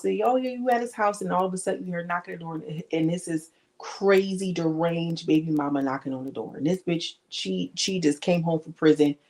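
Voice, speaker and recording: Blunt, animated woman with a lower voice. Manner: animated, emphatic, slangy and blunt. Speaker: online commentator. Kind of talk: casual gossip commentary vlog.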